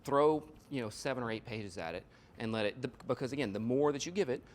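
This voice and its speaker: Man at mid pitch giving a workshop talk, informal and explanatory, leaning on examples and quick asides, slight room noise. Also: lively intonation. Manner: explains with analogies, frequent "right?" and "you know". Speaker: workshop presenter and consultant. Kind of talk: live workshop presentation with audience questions.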